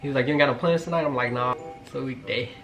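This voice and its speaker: A young man in his twenties telling a casual storytime, joking and slangy, with quick asides to his viewers. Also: medium pitch, fairly bright tone, soft background music. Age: 20s. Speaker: vlogger.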